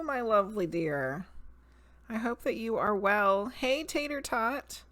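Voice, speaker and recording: Woman medium on a live stream; slow, easy delivery, chats with viewers between readings. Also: fairly high pitch, expressive, a bit bright, dry recording. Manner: laughs often, greets chat by name. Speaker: psychic medium and tarot reader streamer. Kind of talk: casual live-stream chat and card reading.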